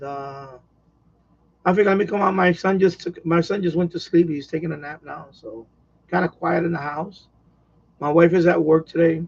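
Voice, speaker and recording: A man's voice: high-pitched, creaky, slightly rough, muffled recording. A man chatting casually on a live stream at home, rambling and repeating himself with lots of fillers. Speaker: radio hobbyist live streamer. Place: at home, quiet house.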